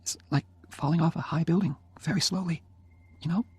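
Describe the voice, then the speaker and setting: A man reading an audiobook voices a frail, dying young woman who speaks softly and teasingly. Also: fairly high pitch, brisk, breathy edge, dry recording, voice pushed up. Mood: tender. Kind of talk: audiobook character voice.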